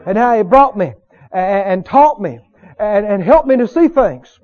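A man from Mississippi, preaching a sermon in a fervent, repetitive way that climbs into shouts of praise. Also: high voice, expressive, a little slow, dull audio.

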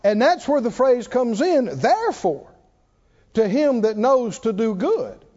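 A man's voice: extremely high pitch, animated, a little slow, a little mellow. A man preaching a sermon to a congregation, who prompts them to answer and repeat lines after him. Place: church hall. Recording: dull sound in a hall with long reverb.

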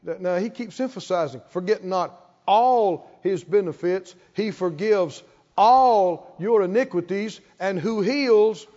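High-voiced preacher in a reverberant hall. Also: male voice, a little slow. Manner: call-and-response preaching, rising to emphatic shouts. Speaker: pastor. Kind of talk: sermon. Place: church sanctuary. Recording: reverberant hall, dull lo-fi sound.

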